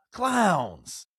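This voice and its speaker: A man's voice: on the high side, gravelly, fairly bright tone, slightly rough, dry recording, clean studio sound. A man giving casual sports reaction commentary, heated and mocking, with plenty of profanity.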